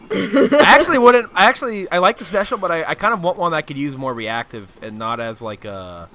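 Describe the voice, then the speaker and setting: A man co-hosting a gaming podcast, chatting casually and excitably while playing online, swearing and laughing loudly. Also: fairly high pitch, a little fast, a crowd in the background.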